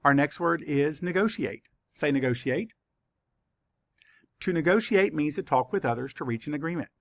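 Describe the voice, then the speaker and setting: A man teaching a spelling lesson to children, saying words slowly and spelling them out letter by letter. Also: fairly high pitch, animated, creaky, dry recording. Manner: slow, careful letter-by-letter spelling.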